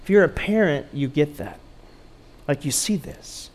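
Animated male pastor preaching. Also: a little high, unhurried. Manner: animated, playful storytelling with acted quotes. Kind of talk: sermon.

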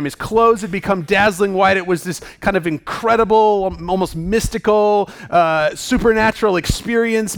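A man's voice: sits high, a bit bright. A man preaching a sermon as pastor, reading scripture and acting out the people in the story. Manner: dramatic, acts out the people in the story.

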